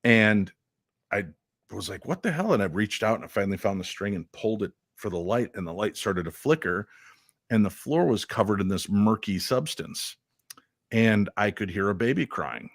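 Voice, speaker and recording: Low-voiced male guest, halting storyteller, dry close mic. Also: no echo. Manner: halting, emotional recounting with many fillers. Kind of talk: radio interview storytelling.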